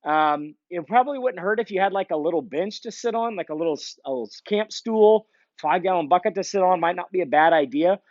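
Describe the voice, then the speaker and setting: A man teaching dog training in a casual, relaxed way with fillers, praising the dog as he goes, recorded outdoors on a camera mic. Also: sits high, quick pace, no echo, dull audio. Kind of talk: casual instructional demonstration. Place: outdoors, near a field.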